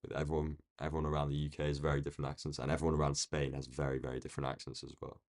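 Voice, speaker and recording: A man with a London accent chatting casually on a live stream, rambling along and answering viewers' comments from a quiet room. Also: rumbling low, completely flat delivery, very fast. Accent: London English. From United Kingdom. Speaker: day-trading live streamer.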